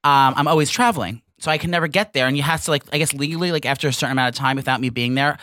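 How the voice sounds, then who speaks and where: A man's voice: mid-range voice, very fast, sharp tone, no room sound. A man in his thirties hosting a podcast, chatting casually in a rambling, crude, candid way into a close mic. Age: 30s. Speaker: podcast host. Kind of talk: casual chat.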